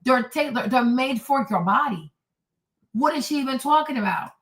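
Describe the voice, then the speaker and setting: A woman with a high, expressive voice talks at a normal speed while hosting a commentary show. She reacts to clips with indignant, mocking sarcasm, recorded on a distant mic in an echoey room.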